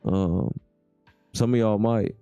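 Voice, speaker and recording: A man with a low, warm and smooth voice hosts a relaxed livestream. He talks in a laid-back way and reads viewer comments aloud, close to the mic in a dry room. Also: slow pace, no echo, lo-fi sound, faint music behind. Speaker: livestream host. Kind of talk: casual livestream chat.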